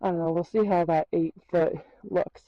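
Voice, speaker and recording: A woman's voice: on the low side, steady tone, normal speed, dry recording, lo-fi sound. A woman walking around her horse paddock, chatting casually and self-deprecatingly while out of breath. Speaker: horse trainer vlogger. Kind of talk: casual outdoor vlog walkthrough.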